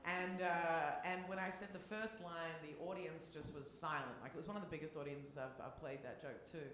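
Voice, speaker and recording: A woman's voice: sits low, steady tone, fairly quick, a bit bright, roomy sound, a little hiss or hum. A woman comedian hosting a live podcast on a theater stage, joking and laughing at herself. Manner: laughing, joking, self-deprecating. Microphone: stage microphone.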